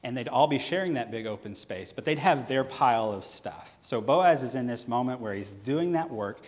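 Pastor preaching in a reverberant church hall. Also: male voice, mid-range voice, moderate pace. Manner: animated storyteller who acts out the scripture dialogue. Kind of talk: sermon. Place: church sanctuary during a service. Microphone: handheld or headset microphone.

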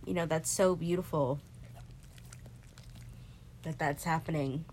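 A woman's voice: takes it slowly, slight background noise. A woman in her twenties talking expressively in a casual heart-to-heart from a bedroom, laughing often. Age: 20s. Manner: expressive, laughs often, jumps into high-pitched quoted voices. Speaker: friend confiding. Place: bedroom, in bed.

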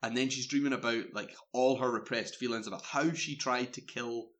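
A man's voice: mid-range voice, a little fast. A man in casual chat, retelling a film's plot with lots of fillers and restarts. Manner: rambling, filler-heavy, animated retelling. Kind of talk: casual chat recapping a film.

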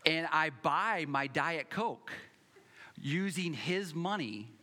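A pastor delivers his sermon in a high, bright voice that leaps around in pitch. He tells funny stories about himself and keeps hammering his points home through repetition. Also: slow pace. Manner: animated, humorous storytelling, building to emphatic repetition.

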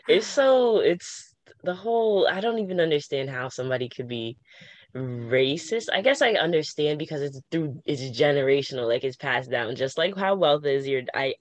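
A young woman in casual conversation, talking in an animated way with quick restarts and frequent laughter. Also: a bass voice, dry recording.

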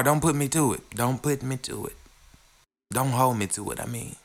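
A man's voice: medium pitch, animated. A young man hosting a casual solo podcast, rambling and playful. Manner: rambling, playful, drawn-out delivery. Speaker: podcast host.

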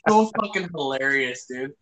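A man's voice: medium pitch, animated, normal speed, fairly bright tone. A man in casual chat, swearing constantly and acting out comedy clips he has seen.

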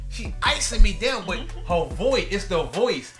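A man, a guest on a podcast, telling a story in an animated way with laughs between lines. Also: high voice, normal speed, faint music behind. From New York. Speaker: guest rapper. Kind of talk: casual podcast chat.

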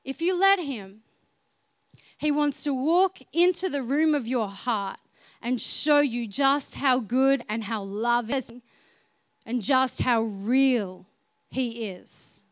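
A woman preaching a sermon in an earnest way, swinging between soft, quiet passages and emphatic ones. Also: high voice, takes it slowly, no echo, studio quality.

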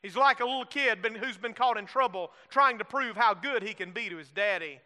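A man's voice: high-pitched, brisk, bright, forceful tone. A man preaching a sermon with folksy humor, prompting the congregation to repeat phrases and acting out the disciples' lines. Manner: preaching with call-and-response prompts. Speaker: pastor. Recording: long hall reverb.

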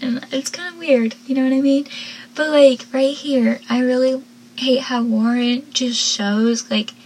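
A woman's voice: sits high, fairly even intonation, unhurried, darkish tone, slightly rough. Giggly chatty teen girl. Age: teenager. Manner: giggly, chatty, many "like" fillers. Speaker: TV episode recapper. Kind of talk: casual recap commentary.

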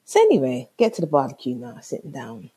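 A woman telling a comic story in a casual, animated, exasperated way, swearing freely. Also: rumbling low, fairly quick, husky.

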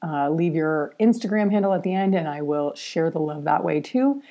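A woman's voice: deep voice, lively intonation, normal speed, dark tone. A woman hosting a podcast in casual chat, blunt and candid, cursing freely and talking loosely with plenty of fillers. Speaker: podcast host.

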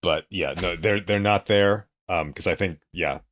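A man's voice: low-pitched, measured pace, a bit bright, a little hiss or hum. A man co-hosting a casual film podcast, talking in a rambling way with lots of fillers. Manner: rambling, many likes and restarts. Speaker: podcast co-host. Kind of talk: casual movie discussion chat.

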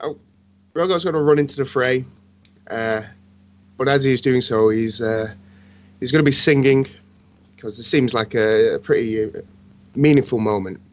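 A man's voice: mid-range voice, moderate pace, pauses often. Guy playing a tabletop game, hesitant and jokey, kinda muffled audio. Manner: hesitant, joking, many fillers. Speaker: player.

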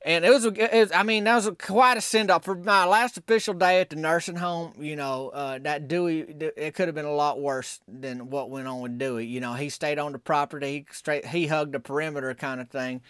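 A man hosting a podcast. He tells rambling comic stories in a folksy, deadpan, meandering way. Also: a little high, brisk, few pauses, clean tone, dry recording, studio quality. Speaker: podcast host.

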